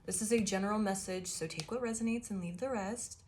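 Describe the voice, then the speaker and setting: A woman's voice: mid-range voice, a little fast, a little mellow, a little hiss or hum. A woman giving a casual tarot reading to her viewers, chatty and loose, laughing often mid-sentence and swearing now and then. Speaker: tarot reader.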